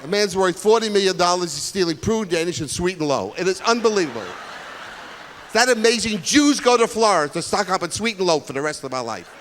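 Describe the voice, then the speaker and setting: An older man from Brooklyn, doing a stand-up comedy routine with rapid-fire jokes in a high school auditorium. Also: expressive, a bit bright, slight background noise. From Brooklyn, New York. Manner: rapid-fire joke delivery with bits of put-on voices.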